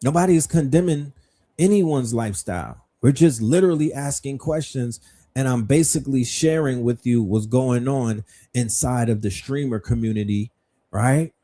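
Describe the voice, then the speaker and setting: A man's voice: mid-range voice, normal speed, mellow. A middle-aged man hosting a livestream, speaking in a rhetorical, questioning style with blunt profanity. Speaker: livestream host. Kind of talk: livestream commentary.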